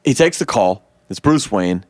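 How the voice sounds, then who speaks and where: A man co-hosting a podcast, casually retelling a movie scene by scene and jumping into high voices to act out the characters. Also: moderate pace, no room sound. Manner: animated storyteller, acts out characters in high voices. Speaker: podcast co-host. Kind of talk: casual film recap chat.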